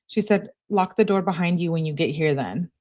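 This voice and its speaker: A woman's voice: on the low side, fairly quick, a little mellow. A woman hosting a true crime channel, reading text messages aloud in a casual, conversational way and adding her own comments.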